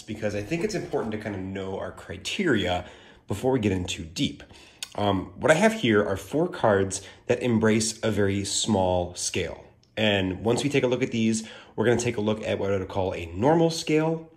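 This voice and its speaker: A man giving a casual, gushing video review of a card deck, chatty and full of filler words. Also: lowish voice.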